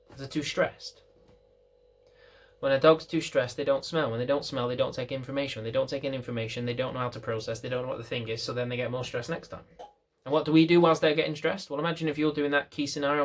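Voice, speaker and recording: A man's voice: mid-range voice, brisk. Chatty man explaining dog training. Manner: chatty, repeats phrases, acts out little scenes. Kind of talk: casual explainer talk to camera.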